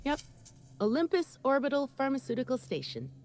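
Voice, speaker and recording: A woman's voice: sits high, big pitch swings, brisk, darkish tone. An actress voicing a nervous young woman receptionist in a video game, breathless, rattled and chatty.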